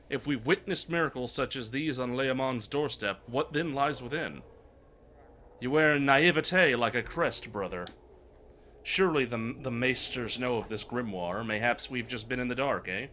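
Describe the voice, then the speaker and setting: A man's voice: medium pitch, lively intonation, unhurried, sharp tone, a little hiss or hum. A man reading game dialogue aloud for squabbling medieval knights, with archaic, lightly dramatic delivery. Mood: bickering. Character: gruff male medieval knights bickering.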